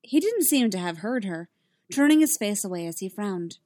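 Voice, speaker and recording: A woman reading a story aloud in an even, unhurried narration. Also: medium pitch, no echo, studio quality. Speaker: reader. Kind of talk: reading fan fiction aloud.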